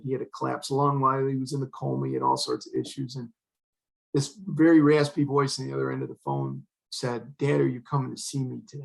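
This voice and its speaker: A man's voice: medium pitch, vocal fry, rough recording. An older man, a retired fire chief, telling an emotional personal story in an earnest way, acting out the dialogue of the people in it.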